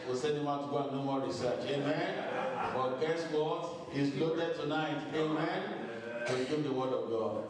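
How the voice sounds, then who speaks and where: Pastor calling amens in an echoey church. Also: male voice, on the high side, background noise. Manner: call-and-response, many amens. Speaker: pastor introducing speakers. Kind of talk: church service hosting. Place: large church hall. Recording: echoey church hall, distant mic, congregation.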